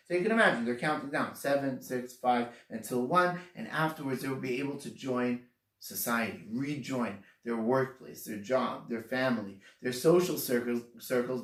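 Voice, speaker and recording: A man giving an earnest, explanatory sermon on the weekly Torah portion, often restarting phrases and leaning hard on single words. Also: mid-range voice. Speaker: Torah teacher. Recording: echoey room, voice from far off mic.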